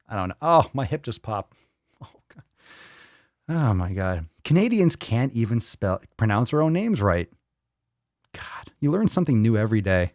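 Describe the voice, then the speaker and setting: Low-voiced man, livestream host, teasing and profane, dry close sound. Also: sing-song, normal speed, pauses often, darkish tone, no echo. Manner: joking, teasing, plays with pronunciations; swears casually. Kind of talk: casual livestream chat reading comments.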